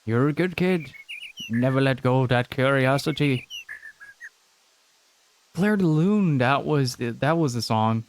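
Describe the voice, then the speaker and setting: A man's voice: medium pitch, lively intonation, unhurried, long pauses, a little hiss or hum. A man voicing a friendly, chatty male villager in a put-on Southern American accent, reading game dialogue aloud with a homey drawl. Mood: chummy. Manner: drawling, homey, calls listener buddy.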